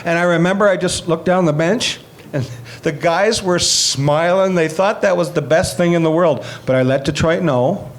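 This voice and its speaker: Middle-aged former player, slightly high voice, animated anecdotal interview delivery. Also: male voice, normal speed. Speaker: retired hockey player telling stories. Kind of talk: storytelling interview.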